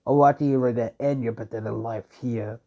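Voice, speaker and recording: A man's voice: mid-range voice, steady tone, a little fast, close to an everyday voice. A man doing a sneering cloaked demon. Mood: cruel. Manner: sneering, dismissive. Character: menacing cloaked male demon, cold and contemptuous. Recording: dull lo-fi recording.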